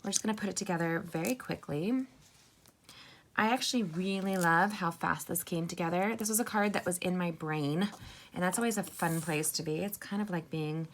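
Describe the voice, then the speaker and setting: Speaking in a lowish voice at a moderate pace, a woman leads an upbeat, chatty card-making tutorial. She talks directly to viewers, calling them "you guys" and "sisters."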